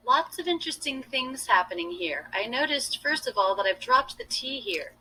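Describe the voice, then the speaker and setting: A woman's voice: a little high, lively intonation, moderate pace, few pauses, pushed and bright, breathy edge, poor audio. A woman coaching pronunciation in a video lesson, repeating phrases to analyze them.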